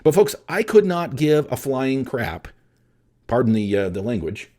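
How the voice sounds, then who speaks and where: A man's voice: mid-range voice, big pitch swings, measured pace, warm tone. A middle-aged man hosting a solo podcast, emphatic and blunt, speaking straight to his listeners. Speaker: podcast host and appraisal coach.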